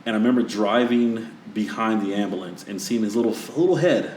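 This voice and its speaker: A man hosting a podcast, chatting casually and telling animated stories that act out what people said. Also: lowish voice, brisk, slight background noise. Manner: animated storyteller acting out quotes. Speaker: podcast host. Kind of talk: casual conversation. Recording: roomy echoey sound.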